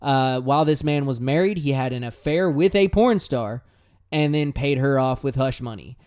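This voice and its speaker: A man talks loosely and casually about his own song, peppering his talk with slang. His voice is clear and resonant, at an everyday middle pitch. He sometimes drifts into lower, quieter asides. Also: lively intonation, moderate pace. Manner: laid-back and chatty, with slang. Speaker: musician explaining his own lyrics. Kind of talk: casual lyric breakdown.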